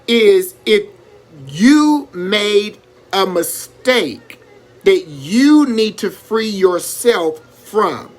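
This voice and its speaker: A man hosting a live stream, talking in an animated, preacherly way and greeting viewers by name as he gives advice. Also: high voice. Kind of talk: casual motivational live-stream talk.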